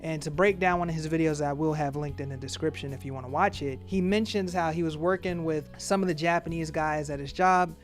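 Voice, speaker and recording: A man hosting a casual commentary video, talking in an animated way and acting out quotes in voices. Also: on the high side, fairly quick, hardly any pauses, faint music behind. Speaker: commentary host.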